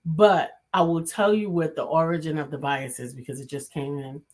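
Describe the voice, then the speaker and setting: A woman's voice: sits low, steady tone, normal speed, a little mellow. A woman from New City, co-hosting a casual talk show and thinking aloud as she speaks. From New York City. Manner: reflective, thinks aloud with restarts. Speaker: co-host, coach.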